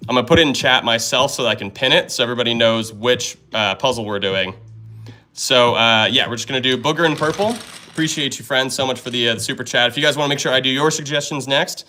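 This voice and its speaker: A young man hosting a live stream, chatting casually and excitedly while solving puzzles and thanking viewers. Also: medium pitch, fast talker.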